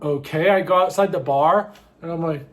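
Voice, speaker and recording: Wry high-voiced man telling a story. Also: normal speed, a bit bright. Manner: wry, self-mocking, rambling with fillers. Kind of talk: comic personal storytime.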